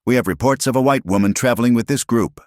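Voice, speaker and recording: A man's voice: mid-range voice, fast, no room sound, clean studio sound, voice pushed up, lightly acted. A man playing a formal young army captain. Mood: official.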